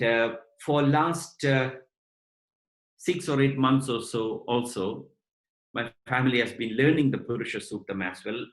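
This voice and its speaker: A man giving a devotional lecture on scripture to his students, explaining point by point in a measured way. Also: mid-range voice. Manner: measured, explanatory, addresses listeners as brothers and sisters. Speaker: spiritual lecturer. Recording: roomy echo.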